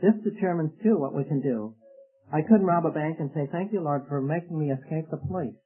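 A man's voice: a little high, a little fast, narrow, tinny audio. A man preaching an earnest, explanatory sermon, recorded on an old tape. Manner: earnest, explanatory, with rhetorical questions.

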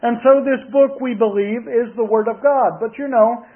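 A male pastor preaching a sermon, reading scripture aloud in a measured, deliberate way. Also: very high voice, fairly even intonation. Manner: measured, deliberate reading in King James wording. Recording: tinny phone-like broadcast audio.

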